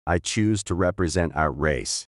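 A calm, thoughtful older man who reasons things through aloud, as voiced by a male narrator. He speaks in a measured, gentle way with a deep voice. The recording is dry and close. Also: dry recording. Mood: reflective.

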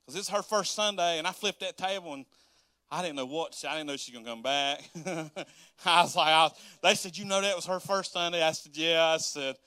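A man preaches with lively, joking energy, drawing his listeners in with questions. His voice sits high and sounds bright and ringing. The recording is dry, with no room echo. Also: a little fast, smooth. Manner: animated, joking storyteller who addresses the congregation. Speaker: pastor. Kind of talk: sermon.

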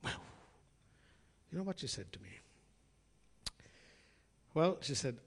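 Animated preacher in an echoing hall. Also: male voice, a little high, normal speed, long pauses. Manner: conversational, addresses congregation as friends; acts out quoted voices in storytelling. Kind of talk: sermon. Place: church hall. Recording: long reverb in a large hall.

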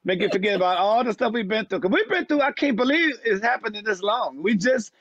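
A man's voice: sits high, lively intonation, brisk, a bit bright, no echo, highs cut off. A man, a comedian, joking around as a guest in a casual podcast chat. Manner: joking, playful, sings a rap.

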